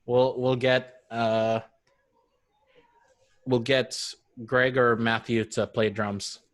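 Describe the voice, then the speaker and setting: A man's voice: medium pitch, little pitch movement, slow. A man hosting a casual podcast as dungeon master, joking and self-deprecating.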